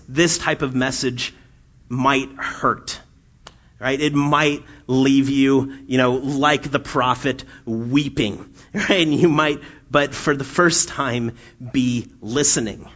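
Man preaching, asking "right?" again and again. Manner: repeats phrases and keeps asking "right?"; swings from soft and low to loud and emphatic. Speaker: pastor. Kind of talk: sermon. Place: church. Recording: dull lo-fi sound.

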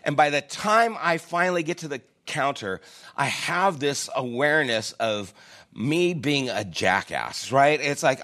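Lively storytelling male pastor. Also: on the high side. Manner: storytelling, conversational, self-deprecating. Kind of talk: sermon. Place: church.

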